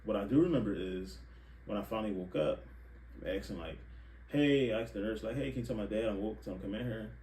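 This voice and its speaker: A young man hosting a podcast, telling candid personal stories in a frank, profane, animated way. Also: on the low side, fast talker. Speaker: podcast host. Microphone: live stream setup. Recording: echoey room, distant mic, faint hiss.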